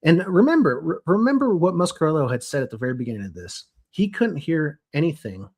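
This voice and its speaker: A young adult man co-hosting a podcast, telling a story from his notes in a lively, casual way with frequent restarts. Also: fairly high pitch, a little fast, breathy edge. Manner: animated, restarts and self-corrections. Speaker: podcast co-host.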